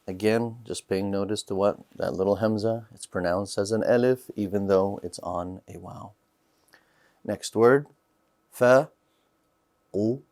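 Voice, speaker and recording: A man teaching a recorded beginners' language lesson, calmly saying each practice word three times with careful, deliberate pronunciation and short explanations. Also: fairly low pitch. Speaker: Arabic teacher.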